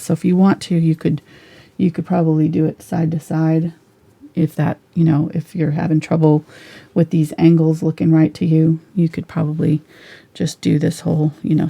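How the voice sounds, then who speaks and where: Gravelly-voiced woman teaching painting. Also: sits low. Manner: relaxed, chatty, drifts into soft whispers while painting. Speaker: painting instructor. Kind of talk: live painting tutorial.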